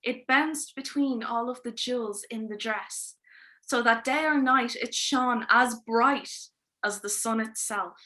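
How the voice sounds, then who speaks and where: A woman telling a fairy tale on a livestream, lively and informal, with wry asides. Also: on the high side, takes it slowly. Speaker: storyteller. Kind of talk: oral storytelling performance on a livestream.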